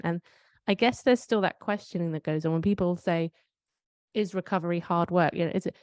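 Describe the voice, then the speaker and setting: A woman's voice: fairly low pitch, darkish tone, dry recording, studio quality. A British woman co-hosting a podcast, chatting casually and telling stories that she keeps questioning aloud. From United Kingdom. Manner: reflective, storytelling with self-questioning asides. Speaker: podcast co-host. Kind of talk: casual conversational chat.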